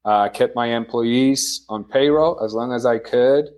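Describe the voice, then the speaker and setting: A man from Poland, a company founder, answering interview questions in a relaxed, measured way with many fillers. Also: medium pitch. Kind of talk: casual interview.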